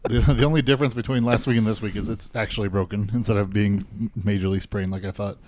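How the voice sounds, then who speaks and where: A man's voice: on the low side, fairly even intonation, fast talker, a little mellow. A young man co-hosting a podcast, in casual, swear-filled chat and often laughing, nursing a broken foot. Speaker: podcast co-host.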